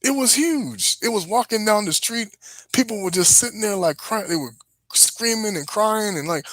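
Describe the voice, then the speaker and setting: A man's voice: sits high, moderate pace, a bit bright, no echo. A man hosting a religious live stream, preaching casually and earnestly to his viewers with warnings.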